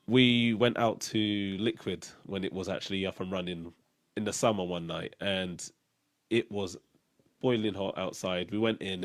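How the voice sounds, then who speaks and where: Soft-spoken man, low voice. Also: dry recording. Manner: hesitant, many fillers and restarts, soft-spoken. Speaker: podcast host. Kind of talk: casual reminiscing chat.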